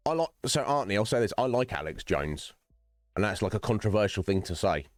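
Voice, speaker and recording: Gaming on his own stream, a man addresses viewers by name in rambling, philosophical chat laced with free swearing. His voice is on the low side, animated and a little fast, recorded dry with faint music behind.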